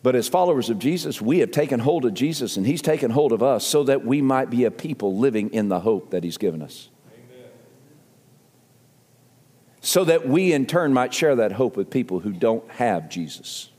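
A man's voice: mid-range voice, expressive, moderate pace, warm tone, breathy edge, long reverb tail. An older man with a Southern accent preaching a sermon as a pastor, earnest and emphatic, repeating phrases as he builds to appeals. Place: church sanctuary.

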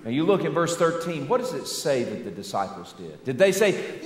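Southern pastor preaching, voice jumps all over, big church echo. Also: male voice, on the high side, brisk, few pauses, a little hiss or hum. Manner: animated, rhetorical questions, folksy. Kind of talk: sermon. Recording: echoey church hall.

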